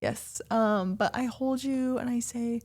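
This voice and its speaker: A woman co-hosting a casual couples podcast, animated and quick to laugh, jumping up in pitch when she makes a point. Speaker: podcast co-host.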